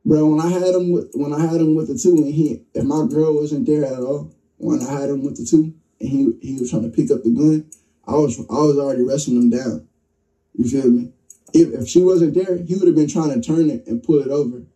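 A young man telling a story with excitement, acting out what people said, in an interview clip. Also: fairly high pitch, a little fast, far from the mic, poor audio. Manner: excited, vivid, acts out quotes. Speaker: interview guest. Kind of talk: animated storytelling.

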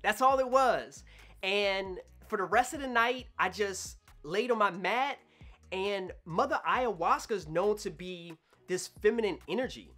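A man telling a personal story to camera in an animated way, acting out his own past thoughts. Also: sits high, measured pace, soft background music. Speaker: vlogger.

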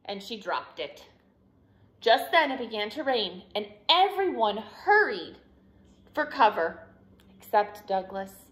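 A woman from a school staff reading a picture book aloud to children in an expressive, animated way. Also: a little high, slow.

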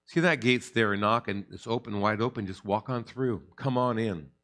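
A man's voice: lowish voice, moderate pace, fairly bright tone. A middle-aged man, a pastor, teaching a Bible study in a conversational way, often repeating words and building to emphatic points.

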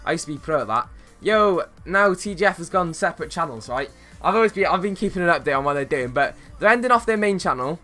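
A young man streaming a football game, chatting casually with viewers and reacting to plays with bursts of excitement. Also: on the high side, fast talker, few pauses, faint music behind. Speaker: gaming streamer. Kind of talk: casual live-stream chat while playing.

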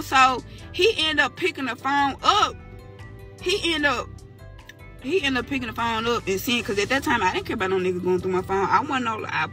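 A young woman from Mississippi recounts a personal story in a loose, slangy storytime, slipping into the voices of the people she quotes. Her voice is strikingly bright and sharp, with faint music playing underneath. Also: sits high. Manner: candid, slangy, animated retelling with quoted dialogue. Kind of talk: casual storytime.

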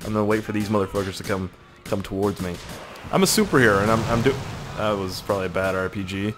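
A man giving casual gameplay commentary, excitable, swearing, laughing and talking to himself as he plays. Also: on the low side, fast talker, music in the background. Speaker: let's play gamer.

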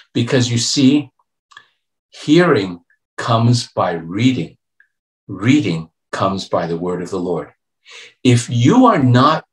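A pastor preaching a youth revival sermon, telling a story and acting out its voices, playful and joking. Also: male voice, mid-range voice. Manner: storytelling preacher, acts out voices and swings between hushed and loud; playful, calls himself a joker. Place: church sanctuary. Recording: echoey church room.

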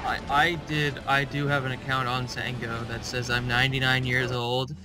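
A man's voice: mid-range voice, little pitch movement, normal speed. A man co-hosting a let's play, trading sarcastic, argumentative banter. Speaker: co-host.

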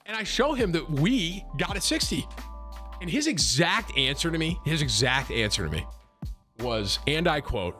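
A man's voice: a little high, sing-song, normal speed, bright, forceful tone. A man streaming and casually telling a story to his viewers, rambling, repeating words and swearing as he mocks himself. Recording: music playing underneath. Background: background music.

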